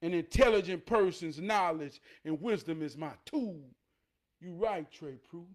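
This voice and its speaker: A man gives a motivational monologue, telling stories and preaching, sometimes loud, sometimes low. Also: a little slow. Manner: preachy, storytelling, swings from loud to near-murmur. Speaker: motivational speaker.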